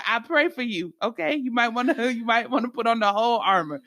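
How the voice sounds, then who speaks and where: A woman's voice: on the high side, a little fast, bright, forceful tone, no echo, clean studio sound. A woman hosting a faith-based podcast, talking emphatically and telling stories with animation. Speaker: podcast host.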